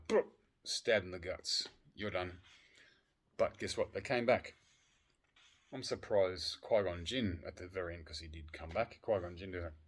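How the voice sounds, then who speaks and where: A man chatting casually on a vlog, excitable and profane, swinging between loud outbursts and low muttering. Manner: swears freely. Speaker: vlogger. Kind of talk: casual chat.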